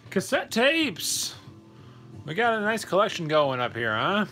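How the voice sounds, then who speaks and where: A man's voice: fairly high pitch, sing-song, fairly quick, sharp tone, faint music behind, poor audio. A young man chatting offhand in a casual vlog, rambling and poking fun at himself. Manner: rambling, offhand, self-deprecating. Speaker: vlogger.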